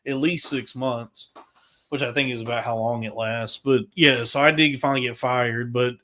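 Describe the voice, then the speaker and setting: Man, podcast co-host, crude and animated rant, heavy swearing, mid-range voice. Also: mid-range voice, fairly quick. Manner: crude, profanity-heavy storytelling; animated, frequent restarts. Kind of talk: casual podcast chat.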